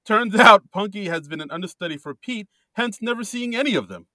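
A man co-hosting a podcast in a chatty, easygoing way, often hesitating and laughing. His voice is fairly high and bright. The sound is dry and close, with no room echo. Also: big pitch swings, normal speed. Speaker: podcast co-host. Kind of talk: casual chat.

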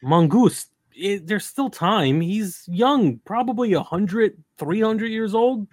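A tabletop game player speaking in a deadpan, playfully contrary way. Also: medium pitch, slow pace, no room sound.

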